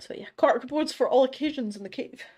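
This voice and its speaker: A high, fairly quick and slightly mellow voice comes from a middle-aged Scottish woman streaming art from her home studio. She reads viewer comments in a casual, self-deprecating manner, with plenty of laughter and sentences she starts again.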